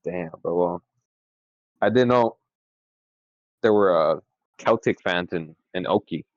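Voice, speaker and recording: A young man co-hosting a podcast in casual chat, excitable and quick to swear and laugh. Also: deep voice, dry recording. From California. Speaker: podcast co-host. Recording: dry, dull lo-fi sound.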